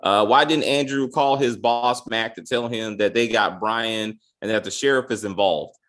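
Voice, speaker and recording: A man hosting a casual TV episode recap, talking in an animated, profane, rambling way with frequent restarts. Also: lowish voice, moderate pace. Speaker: host.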